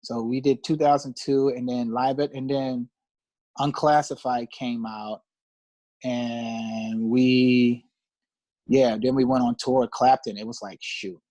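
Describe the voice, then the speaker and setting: A man's voice: medium pitch, takes it slowly, no echo. A man, a guest musician, telling stories in a casual interview, laughing and acting out the voices of people he quotes. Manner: animated, laughing storyteller who acts out quoted voices. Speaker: guest musician, pedal steel player.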